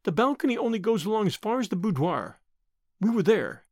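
A man voicing a quick-witted, eager young woman. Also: high voice, very animated, dry recording, studio quality, pitched above the performer's own voice, heavily acted.

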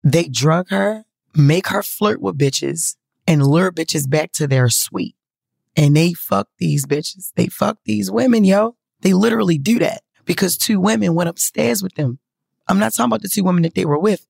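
A woman telling a story to her viewers in a casual, profane, animated way. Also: on the low side, normal speed, gravelly, husky, no echo.

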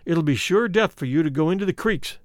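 A man's voice: fairly high pitch, lively intonation, brisk, dry recording, studio quality, lightly acted. A man voicing a grim railway brakeman who gives an earnest warning in a storybook reading.

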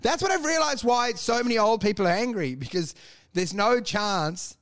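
A man with a high-pitched voice co-hosts a podcast in loose, joking conversation. He rambles through absurd stories and slips into quick impressions of the people in them. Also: animated, a bit bright. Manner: rambling, jokey, acts out voices. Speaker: podcast co-host. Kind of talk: casual comedic chat.

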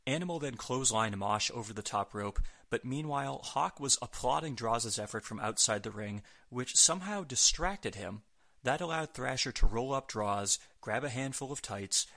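Bright-voiced man, wry scripted recap. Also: medium pitch, expressive, moderate pace. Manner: wry, sarcastic asides. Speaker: podcast host. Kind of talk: scripted wrestling recap narration.

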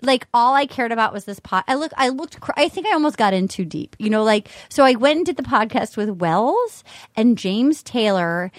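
A woman with a high, bright-sitting voice chats on a podcast, gushing and bubbly as she rushes through her stories. The sound is dry and close, with no room around her. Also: animated, no room sound. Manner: bubbly and gushing, quick storytelling. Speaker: podcast co-host and comedian. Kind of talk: excited casual chat.

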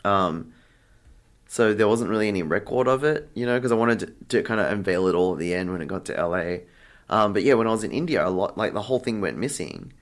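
A man's voice: on the low side, expressive, fast talker. A young man being interviewed, chatting casually and acting out the exchanges in his story, with lots of fillers. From Australia. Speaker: interview guest, artist.

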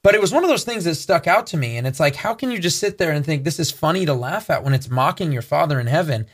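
Talking quickly and animatedly in a fairly high voice, a male co-host of a Christian talk show earnestly preaches and shares a personal story as preaching commentary.

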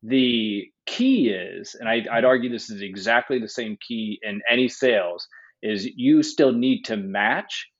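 A male guest discusses business in a measured, hesitant way, pausing on fillers. His voice sits on the low side. The sound is dull and lo-fi. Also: breathy edge. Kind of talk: conversational business talk.

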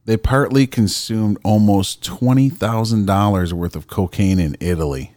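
A man's voice: on the low side, normal speed, darkish tone, no room sound. A man co-hosting a podcast in casual chat, swearing loosely, laughing a lot and reading news stories aloud. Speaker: podcast co-host.

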